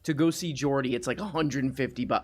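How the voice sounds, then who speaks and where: A man's voice: mid-range voice, quick pace, faint music behind. A man hosting a live talk show, chatting in a loose, joking, rambling way. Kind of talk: casual chat.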